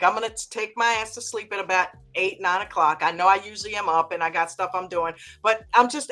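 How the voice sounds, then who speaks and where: A woman's voice: medium pitch, fairly bright tone. A woman chatting on an online call, giving blunt, emphatic encouragement. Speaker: trading community member. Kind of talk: casual chat.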